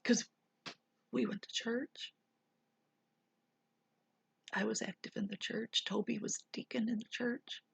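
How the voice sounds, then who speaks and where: A woman vlogger telling a personal story in a hushed voice that often drops to a whisper. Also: on the high side, fairly even intonation, slow, gravelly, pauses often, husky, dry recording.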